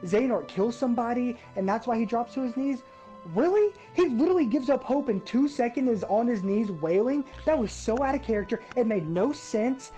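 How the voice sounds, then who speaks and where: A woman with a mellow, warm voice rants in a casual gaming chat and swears constantly. She talks with fired-up, animated disbelief. Faint music plays behind her. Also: fairly high pitch, a little fast, few pauses. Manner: profane, ranting, animated. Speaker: gaming podcast host.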